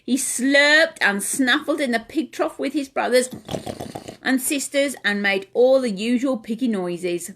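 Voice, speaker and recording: A woman's voice: on the high side, measured pace, fairly bright tone, a little hiss or hum. A woman leading a home playgroup, reading a picture book aloud to toddlers and asking them questions. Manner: asks children questions, sing-song. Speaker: playgroup leader.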